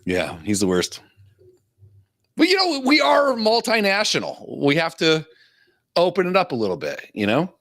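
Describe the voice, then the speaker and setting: A man's voice: high voice, huge pitch swings, moderate pace, long pauses, fairly bright tone. A man co-hosting a podcast, mocking and laughing through crude casual banter, swearing freely. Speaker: podcast co-host.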